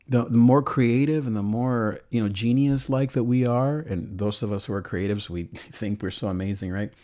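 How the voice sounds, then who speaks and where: An earnest man with a lowish voice talks with deep emotion, close to tears at times. He preaches warmly and loosely, restarting his phrases and laughing softly now and then. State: choked with emotion. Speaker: host. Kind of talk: emotional call-in show monologue on faith.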